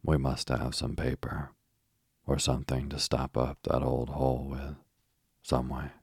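A man voicing a caring older girl, the eldest sister, gently worried and coaxing. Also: a bass voice, completely flat delivery, measured pace, breathy edge, no room sound, studio quality, full character voice.

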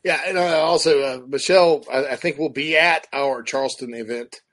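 A man co-hosting a sports show, talking in a relaxed, hesitant way. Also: mid-range voice, moderate pace. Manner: hesitant, relaxed, repeats himself. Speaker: sports talk show co-host. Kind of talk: casual sports chat.

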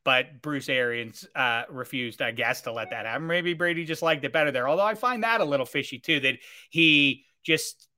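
A man's voice: mid-range voice, lively intonation, normal speed, hardly any pauses, bright, forceful tone, no room sound, clean studio sound. A man co-hosting a sports podcast, musing over players with wry asides. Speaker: podcast co-host. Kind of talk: casual sports chat.

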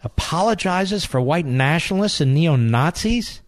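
A man's voice: high voice, big pitch swings, a little slow, no echo. Heated, dry-voiced talk radio man. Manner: insulting, sarcastic, loud and heated when angry. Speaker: radio talk show host. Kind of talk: combative talk radio monologue. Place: radio studio. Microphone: studio microphone.

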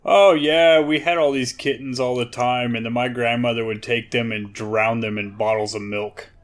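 A man's voice: mid-range voice, little pitch movement, normal speed, fairly bright tone. A man co-hosting a casual podcast, talking in a profane, emphatic way. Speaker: podcast co-host.

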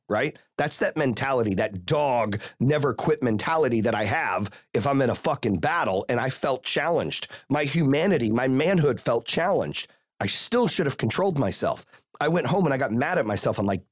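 A man's voice: medium pitch, expressive, a little fast, breathy edge, no echo, clean studio sound. A man hosting a podcast and coaching youth football, telling stories in a blunt, fired-up, profane way. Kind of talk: casual podcast chat.

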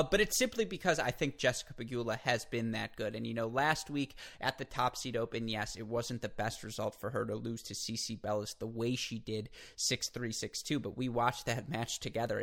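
A man co-hosting a tennis podcast, talking energetically in long runs with quick restarts. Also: medium pitch, fairly bright tone. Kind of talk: casual sports chat.

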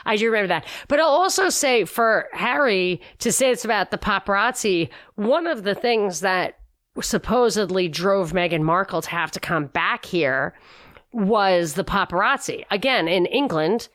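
A woman's voice: medium pitch, lively intonation, normal speed, fairly bright tone, no room sound. A woman talks on a podcast in a chatty, opinionated way, breaking off and restarting her sentences as she goes. The sound is close and dry, with no room around her voice. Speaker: podcast co-host. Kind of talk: casual conversational podcast.

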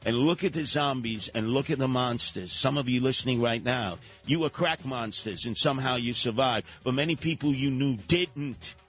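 An older radio host with a New York accent tells stories with animated, street-level energy. His voice sits at an ordinary middle pitch, and faint music plays underneath. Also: moderate pace, hardly any pauses. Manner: animated storytelling, slipping into voices. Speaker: radio talk show host. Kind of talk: radio talk show monologue.

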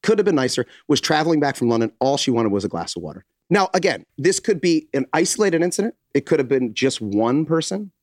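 A man's voice: a little high, sing-song, quick pace, hardly any pauses, no echo, studio quality. A middle-aged man, a podcast co-host, telling a story in casual chat, acting out quotes and swearing freely.

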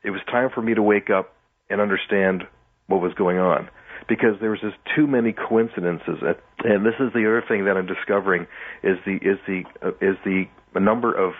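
Deep husky man on a phone line. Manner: animated, acts out his own past reactions. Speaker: guest musician. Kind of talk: casual interview storytelling.

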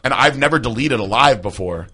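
A man with a bright, ringing voice tells a rambling, foul-mouthed story on a casual podcast, his pitch swinging widely as he goes. He keeps cracking himself up, and a faint hiss sits under the recording. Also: expressive, fairly quick. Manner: rambling, profane storytelling, breaks into laughter. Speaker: podcast host.

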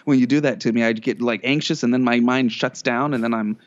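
A man co-hosting a podcast, talking in a chatty, self-deprecating way with quick bursts. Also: medium pitch, steady tone, dull audio. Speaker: podcast co-host. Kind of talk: casual chat.

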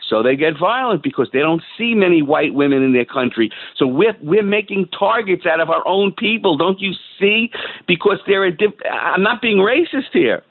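A man calling in to a radio talk show, ranting in an agitated, halting way with lots of restarts. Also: high-pitched, dry recording. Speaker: caller. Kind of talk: call-in radio rant. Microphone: phone. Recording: tinny phone line.

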